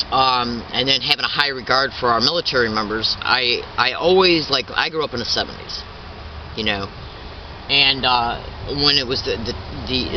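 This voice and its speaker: A middle-aged man in his fifties speaks out as an activist, indignant and insistent, stumbling over restarts and repeating himself. He sits at an ordinary pitch and is picked up from some distance on a dull, muffled recording. Faint traffic sounds run underneath. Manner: halting, repetitive, restarts often. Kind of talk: impassioned spoken statement.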